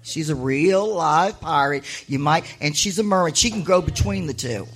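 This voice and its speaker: A middle-aged woman and author telling stories live on stage to an audience, chatty and animated, with laughing asides. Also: low voice, moderate pace. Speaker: author and honorary mayor addressing an audience.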